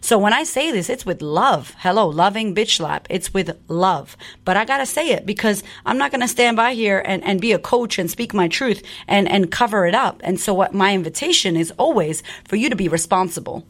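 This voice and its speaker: A woman's voice: mid-range voice, lively intonation, moderate pace, few pauses. Blunt, fired-up woman podcast host. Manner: blunt, profane, fired-up talk. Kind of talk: casual podcast monologue.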